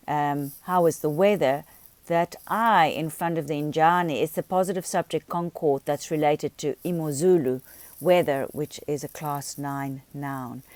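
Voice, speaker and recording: Low-pitched female teacher, patient explainer of grammar, dry room. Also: darkish tone, no room sound. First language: not Xhosa. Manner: explains patiently, pronounces example words slowly. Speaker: language teacher. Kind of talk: recorded grammar lesson.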